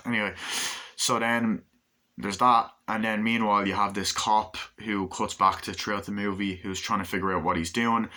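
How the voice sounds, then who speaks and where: A man's voice: lowish voice, little pitch movement, normal speed, bright, forceful tone. A man giving a casual, rambling movie review, enthusiastic and swearing freely.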